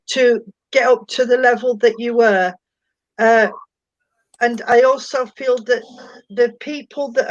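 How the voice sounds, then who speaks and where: A woman giving a gentle, halting spiritual reading, calling the listener sweetheart and darling. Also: a little high, no echo, lo-fi sound. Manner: gentle, hesitant, endearing terms.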